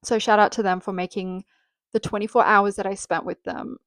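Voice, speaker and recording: A woman's voice: medium pitch, fairly even intonation, fairly quick, fairly bright tone, no echo. A young Australian woman hosting a casual solo podcast, chatting with lots of "um" and "like" fillers and casual swearing. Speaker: podcast host.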